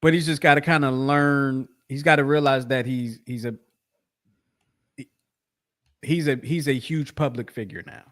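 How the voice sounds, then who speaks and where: A man's voice: medium pitch, steady tone, unhurried, long pauses, fairly bright tone. A man co-hosting a sports podcast, chatting casually, rambling with many restarts and fillers. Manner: rambling, repeats himself, frequent fillers. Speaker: podcast co-host.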